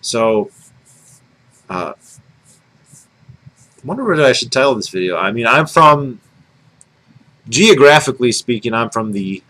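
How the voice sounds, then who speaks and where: A man's voice: mid-range voice, lively intonation, slow pace, long pauses, bright, forceful tone, poor audio. A man from Michigan with a Michigan accent, musing to his camera in a rambling vlog, full of fillers and self-corrections. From Michigan, United States. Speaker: video blogger. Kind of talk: casual talk to camera.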